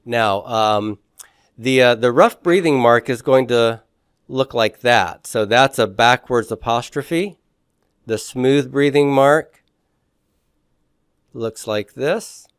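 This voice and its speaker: A man's voice: mid-range voice, takes it slowly, pauses often, clear, resonant tone, dry recording, clean studio sound. A man teaching a beginners' Greek lesson, explaining patiently and often checking in with "okay?". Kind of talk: classroom lecture.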